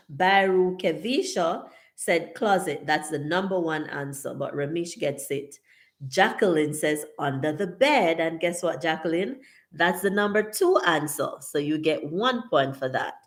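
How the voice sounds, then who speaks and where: A woman's voice: on the low side, animated, a little slow. A woman hosting a live-stream game. She reads viewer comments aloud in a playful, casual way, slips into Patois and laughs often.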